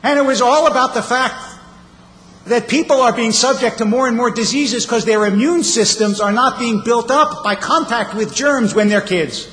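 A man's voice: very high voice, fairly bright tone, slight background noise. A man giving a sermon as a rabbi, telling stories with wry humor. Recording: reverberant hall, faint ambience.

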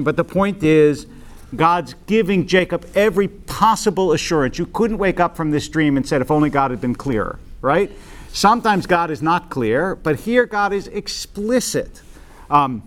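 Higher-voiced man teaching a Bible class. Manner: conversational, checks in with "right?", frequent "um". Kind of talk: informal class lecture. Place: classroom with a group present.

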